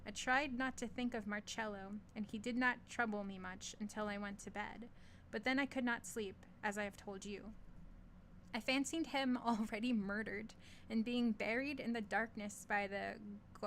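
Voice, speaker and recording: A woman's voice: medium pitch, fairly even intonation, normal speed, a bit bright, slight background noise. A woman reading a short story aloud, stumbling over foreign words and laughing at herself now and then. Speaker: reader of stories.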